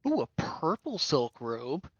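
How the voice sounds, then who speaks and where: A man's voice: a little high, wildly swooping pitch, slow pace, breathy edge, dry recording. A man joining a game stream as a friend, bantering in a joking, offhand way. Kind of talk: casual banter. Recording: dry, muffled call audio with faint music.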